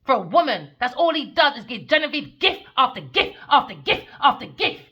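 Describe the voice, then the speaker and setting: Brief: blunt woman tarot reader, profane, sharp bright tone. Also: sits high, big pitch swings, normal speed, husky, highs cut off. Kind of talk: tarot reading rant.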